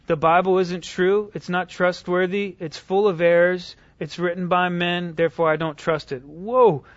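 A man giving an animated storytelling talk, higher voice. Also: dry recording. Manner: conversational, animated retelling with restarts. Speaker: speaker teaching evangelism. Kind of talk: storytelling lecture. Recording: dull lo-fi dry recording.

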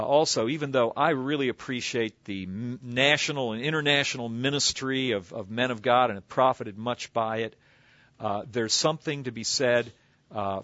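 A pastor giving an expository sermon in a conversational teaching manner, explaining word origins with asides. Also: male voice, mid-range voice, fairly bright tone, dry recording. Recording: slightly dull lo-fi recording.

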